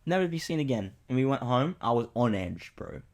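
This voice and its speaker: A young man from Australia co-hosting a casual podcast, telling stories in an animated, swearing way. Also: mid-range voice, brisk. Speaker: podcast co-host. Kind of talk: casual chat.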